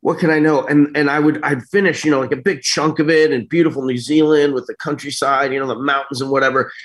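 A middle-aged man telling stories as an interview guest, in an animated, rambling way that keeps breaking off and restarting. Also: medium pitch, quick pace. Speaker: actor guest. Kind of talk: casual interview storytelling.

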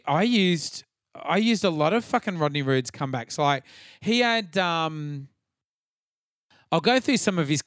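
A middle-aged Australian man hosting a podcast, telling stories in a casual, profane, animated way. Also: fairly high pitch, no echo, studio quality. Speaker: podcast host. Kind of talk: casual chat.

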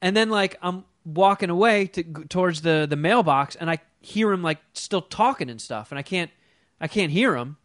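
A man co-hosting a talk show, telling a profane story in a casual, animated way and mimicking the people in it. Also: high voice, moderate pace, no echo, clean studio sound.

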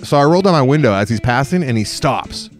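A man's voice: medium pitch, brisk, soft background music. A man from the Los Angeles area, hosting a podcast and telling a story in casual chat, full of fillers like "like" and "uh". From Los Angeles area, California. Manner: animated storyteller with many fillers. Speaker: podcast host.

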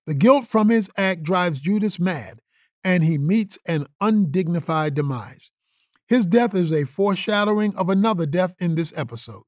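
Guy hosting, reading the episode intro, kinda high voice, dead dry sound. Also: expressive, moderate pace, no room sound. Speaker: show host introducing the episode. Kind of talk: scripted introduction.

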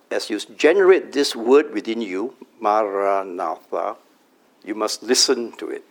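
A middle-aged man teaching a meditation workshop at a company, speaking in a calm, measured way and drawing out a chanted mantra slowly. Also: medium pitch.

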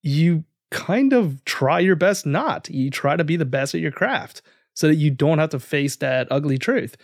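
A male podcast co-host with a fairly high voice that swings widely in pitch. He tells things with animated emphasis. The recording is dry and close. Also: a little slow, no echo. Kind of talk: casual podcast discussion.

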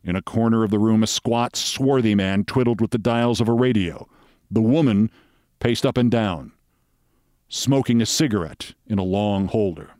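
A man reading a short story aloud as host, with measured, wry storytelling. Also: fairly low pitch, a little mellow, no room sound, studio quality.

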